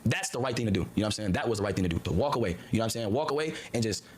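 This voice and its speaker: A man's voice: lowish voice, expressive, racing, darkish tone, a little hiss or hum. A man on a livestream clip, talking in a rambling, heated way and repeating "you feel me" and "you know what I'm saying.". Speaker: streamer in a played clip. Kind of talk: heated casual livestream talk.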